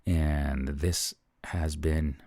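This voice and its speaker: A man teaching about microphones in a chatty, casual demonstration, moving closer to and farther from the mic in a small, lively room. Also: very deep voice, extremely slow. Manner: chatty, explains while moving toward and away from the mic. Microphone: studio microphones tested at changing distances.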